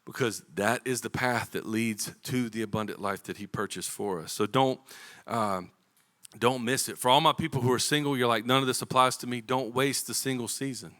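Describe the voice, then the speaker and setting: Bright, clear-voiced pastor telling a story. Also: male voice, medium pitch, normal speed. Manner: casual storytelling with Southern-inflected slang. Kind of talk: sermon. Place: church auditorium.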